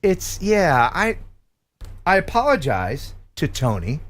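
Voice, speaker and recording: Animated man hosting a stream. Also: a little high, slow. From Philadelphia. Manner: chatty, laughs easily, reads viewer emails aloud. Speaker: host. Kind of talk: casual live-stream chat.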